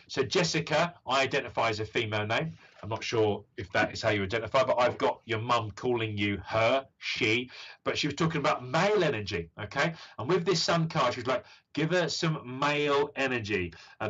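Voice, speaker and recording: Bright-voiced British man giving readings. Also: mid-range voice, fairly quick, husky. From United Kingdom. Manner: warm, encouraging, rambling with many fillers. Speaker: psychic medium. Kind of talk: live stream reading. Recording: dull lo-fi stream audio.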